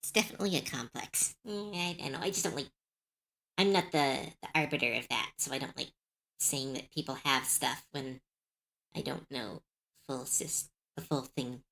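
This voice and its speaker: A woman streamer chatting casually on a live stream, musing softly and answering her chat. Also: extremely low pitch, normal speed, vocal fry.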